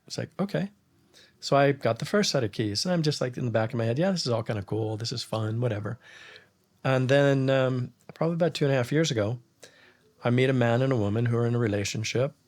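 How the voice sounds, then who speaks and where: A man's voice: medium pitch, quick pace. A man as a podcast guest, telling long personal stories and acting out other people's lines with laughs. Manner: animated, acts out quoted voices with laughs. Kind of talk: storytelling in conversation.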